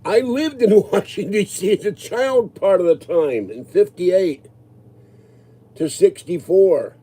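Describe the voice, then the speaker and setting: Ranting man in his sixties, very dark voice. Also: sits high, lively intonation, slow, slightly rough. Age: 60s. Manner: agitated, grumbling, rambling. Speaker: livestreamer answering viewers. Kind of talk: casual ranting chat.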